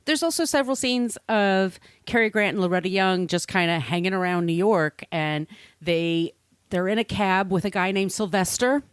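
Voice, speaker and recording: A woman's voice: mid-range voice, moderate pace, clear, resonant tone, dry recording. A woman co-hosting a podcast, chatting casually about a movie and chiming in with short agreements. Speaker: podcast co-host.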